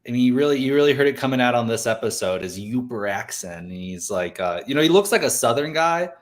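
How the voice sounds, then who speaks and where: A man's voice: medium pitch, expressive. A man in casual chat as a co-host, with a mid-range voice. He rambles, halts and pads his thoughts with fillers. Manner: rambling, halting, many fillers. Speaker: podcast co-host.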